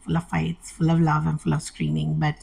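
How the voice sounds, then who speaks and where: Middle-aged woman, low gravelly voice, animated storyteller, voices the people she quotes. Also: fairly quick, low-quality recording. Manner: animated, acts out quoted dialogue. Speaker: interview guest. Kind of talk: candid personal storytelling.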